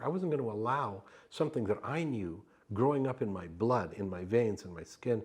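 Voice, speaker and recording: A man being interviewed, telling a story in an emphatic, animated way and acting out the exchanges he describes. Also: lowish voice, fairly quick, hardly any pauses, slightly rough. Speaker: actor interviewed for an oral history.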